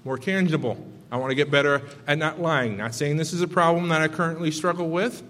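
A man's voice: a little high, fairly quick, fairly bright tone, in a large hall. A male pastor giving a sermon, talking loosely and off the cuff and throwing out rhetorical questions to the congregation.

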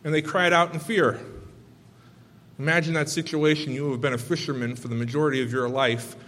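A man with children, preaching a sermon: he reads scripture and pauses earnestly to explain it and talk straight to his listeners. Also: a little high, steady tone, fairly bright tone, big-room sound. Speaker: pastor.

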